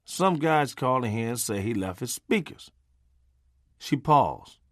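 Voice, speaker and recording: A man's voice: medium pitch, measured pace, no echo. Middle-aged guy telling family stories, punchy and salty, swings his voice all over, dry close sound. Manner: animated, punchy, folksy, salty language. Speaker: memoir narrator. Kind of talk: conversational storytelling narration.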